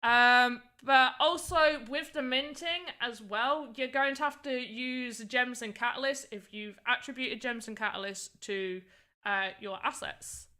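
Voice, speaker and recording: Chatty young streamer, bright, slightly high voice, casual rambling delivery. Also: female voice, unhurried. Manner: chatty, rambling, frequent "like" fillers. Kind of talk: casual livestream chat while making voxel art.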